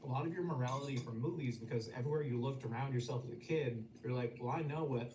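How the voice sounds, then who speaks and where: A male host in a casual interview chat who mostly listens and then asks probing questions. He talks at a quick clip. The recording is distant and noisy. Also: mid-range voice. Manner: brief backchannels and probing questions. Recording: echoey, distant, noisy room.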